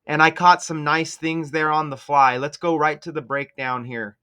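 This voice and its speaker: A man's voice: fairly high pitch, steady tone, normal speed, bright, forceful tone, clear, resonant tone. A man hosting a casual video, commenting sarcastically over game footage and laying out number-cipher theories. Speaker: sports commentary video host.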